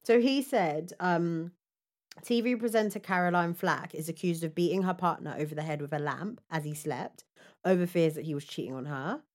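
A woman's voice: fairly low pitch, moderate pace. A woman co-hosting a casual chat, reading out news stories with laughter and asides. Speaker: podcast co-host.

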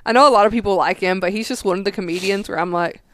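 A woman's voice: medium pitch, rapid-fire, a bit bright. A woman co-hosting a podcast, giving her frank opinions in casual chat. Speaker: podcast co-host.

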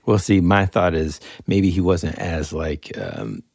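A young man co-hosting a casual podcast chat, rambling and animated, with lots of fillers. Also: low-pitched, slow, gravelly, husky, dry recording, clean studio sound. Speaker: podcast co-host.

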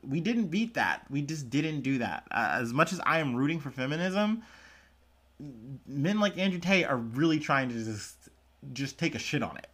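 A man's voice: on the high side, very animated, normal speed, a bit bright. A young man hosting a solo podcast, talking through the news in a loose, rambling way, full of fillers and self-deprecating asides. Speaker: podcast host. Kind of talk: casual solo news commentary.

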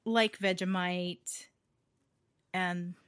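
A woman's voice: on the low side, steady tone, very slow, a bit bright, clear, resonant tone, no echo, studio quality. A woman from Hawaii co-hosting a casual chat, talking freely with fillers and frequent laughter. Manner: chatty, laughs often, trails off with fillers. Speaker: podcast co-host.

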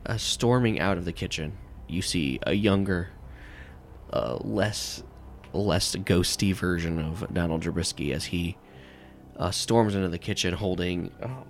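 A man's voice: sits low, measured pace, soft background music. A man narrating a tabletop game as game master, rambling and filling with "like" and "um.". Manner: rambling, full of "like" and "um".

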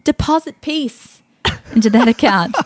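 A woman co-hosting a podcast, telling stories with animated, emphatic delivery in a casual faith talk. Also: fairly high pitch, a little slow. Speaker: podcast co-host.

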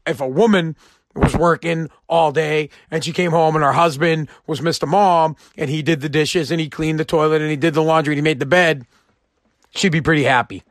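Man, livestream host, brash and jokey, casual swearing, slightly high voice, dead-dry close mic. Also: fairly bright tone, dry recording. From Massachusetts. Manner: blunt, joking, swears freely. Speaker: host of a live-streamed show. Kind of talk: casual rant.

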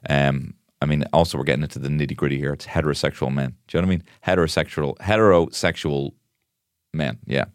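Deep-voiced, rambling man. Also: fairly even intonation, fast talker, no echo, clean studio sound. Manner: rambling, self-mocking, sweary. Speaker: podcast host. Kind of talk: comic solo podcast monologue.

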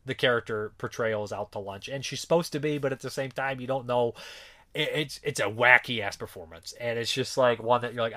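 A man's voice: mid-range voice, animated, fairly quick, sharp tone. A man giving a casual, rambling spoken movie review, swearing freely and often correcting himself mid-sentence. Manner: rambling, profane, filler-heavy; frequent self-corrections and restarts.

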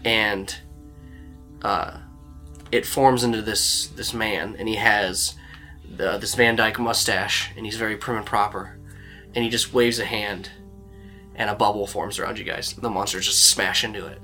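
Guy running a tabletop game, loose rambly narration, bright voice. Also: fairly low pitch, fairly even intonation, unhurried, soft background music. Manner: loose, filler-heavy storytelling. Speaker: game master.

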